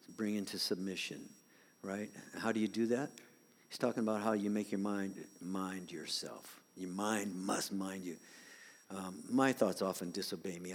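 An older man preaching a sermon as pastor of a church, swinging from loud emphatic points to soft whispered asides. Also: sits low, steady tone, normal speed, big-room sound.

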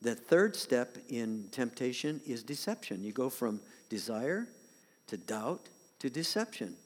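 An older man preaching a sermon as pastor of a church, swinging from loud emphatic points to soft whispered asides. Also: mid-range voice, sing-song, a little slow, in a large hall.

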